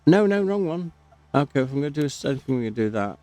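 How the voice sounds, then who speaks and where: A man's voice: mid-range voice, sing-song, fast talker, mellow, no echo. A man giving casual, chatty gameplay commentary, talking to himself and cracking jokes as he plays. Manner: chatty, self-talking, jokey.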